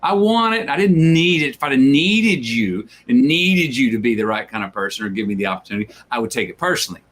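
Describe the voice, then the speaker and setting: Speaking fast in a mid-range voice, with slight background noise, a man chats casually as an interview guest. He's an animated storyteller who performs the quoted voices in his anecdotes.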